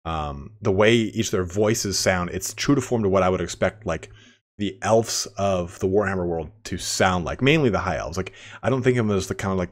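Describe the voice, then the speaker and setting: A man's voice: low-pitched, brisk. A man giving casual, rambling game commentary, full of fillers and restarts. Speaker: gaming commentator.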